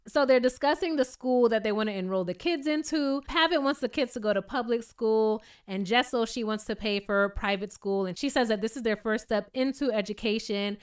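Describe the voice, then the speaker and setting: A woman, giving a chatty, animated recap of a reality show in a casual commentary style. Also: a little high, fairly quick, hardly any pauses, clear, resonant tone. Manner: chatty and animated, quoting cast members in playful voices.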